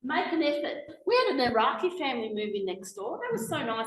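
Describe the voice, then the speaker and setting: A middle-aged woman delivers a public talk, passionate and emphatic. Her voice sits a little high and bounces off the walls of an echoey hall. A faint hiss runs underneath. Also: sing-song, fairly quick. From Australia. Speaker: guest speaker. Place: meeting hall.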